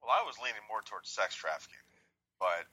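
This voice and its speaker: A man's voice: on the low side, lively intonation, a little fast, bright, forceful tone, slightly rough, rough recording. A man telling a rambling, profane, jokey story in casual chat.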